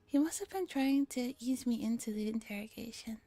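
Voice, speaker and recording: A young woman in a whispered story reading, close to the microphone, her breathy voice fairly high and mellow. She keeps a calm, even whisper throughout, with a faint valley-girl lilt. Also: a little fast, soft background music. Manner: soft unvoiced whisper, calm steady reading. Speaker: streamer reading a visual novel. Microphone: close ASMR microphone.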